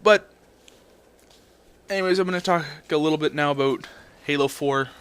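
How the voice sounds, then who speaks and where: A man's voice: a little high, moderate pace, fairly bright tone, smooth. A young man ranting in a blunt, profane way, telling a story and then commenting on his game footage. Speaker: gameplay commentator.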